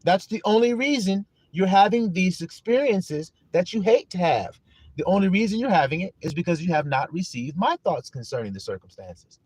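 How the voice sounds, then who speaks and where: Animated preaching man, higher voice. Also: fairly quick, dry recording. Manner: emphatic, repeats questions to listeners; greets viewers in chat. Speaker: preacher on a live stream. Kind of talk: livestream sermon.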